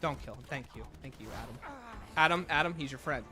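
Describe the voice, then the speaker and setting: A man's voice: mid-range voice, quick pace, over music. A young man with a sick voice, livestreaming a zombie game and chatting casually with his viewers, greeting them by name. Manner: chatty, greets chat by name, jokey asides. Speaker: gaming livestreamer. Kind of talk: casual gameplay chat with viewers.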